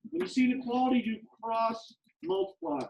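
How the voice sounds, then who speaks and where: A man's voice: very high voice, lively intonation, fairly quick, vocal fry. Teasing man teaching math, muffled. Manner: emphatic, repeats key steps, teasing and sarcastic with students. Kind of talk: classroom teaching. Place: classroom.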